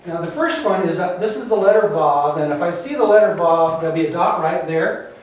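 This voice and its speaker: In a classroom lecture on Bible Hebrew, a man whose voice sits on the high side patiently works through letters carefully, one at a time. He keeps checking in with students by saying "okay?". The distant mic at the back picks up heavy room echo and faint noise.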